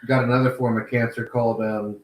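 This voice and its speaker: A man's voice: mid-range voice, flat delivery, a little fast, recorded from a distance. A man chatting casually on a podcast, cracking wry, self-deprecating jokes. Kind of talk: casual interview chat. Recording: echoey, away from the mic.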